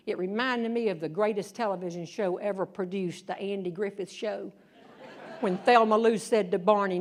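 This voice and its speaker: An older woman on stage as a humorist, telling a family story as stand-up. Her delivery is animated and wry, and she exaggerates the voices in her quotes for laughs. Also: mid-range voice, moderate pace. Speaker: humorist and speaker.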